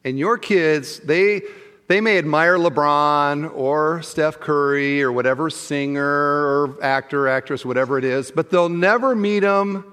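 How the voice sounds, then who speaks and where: A male pastor delivers his sermon in a slightly raised voice that carries a long echo from the large church space around him. He tells his story with animated energy, giving each person in it their own voice. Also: on the high side, unhurried, clear, resonant tone. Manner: animated storyteller who acts out the people in the story.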